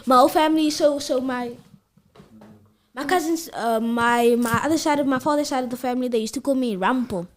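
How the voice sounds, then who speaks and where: A teenage girl with a high, light voice hosts a casual student podcast. She rambles through stories, restarting her sentences often. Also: fairly quick, slight background noise. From South Africa. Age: teens. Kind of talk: casual group chat.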